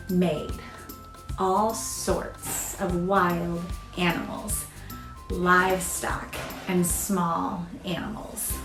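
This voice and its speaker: A woman teaching children a verse in sign language with slow, step-by-step instructions. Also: mid-range voice. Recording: echoey room.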